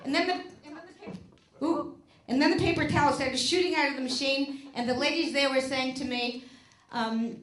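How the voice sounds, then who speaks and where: A woman's voice: high-pitched, steady tone, normal speed, fairly bright tone. An older woman doing a stand-up routine on a small theater stage, telling a rambling self-deprecating story with stammered restarts. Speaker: stand-up comedian. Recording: echoey theater room, faint noise.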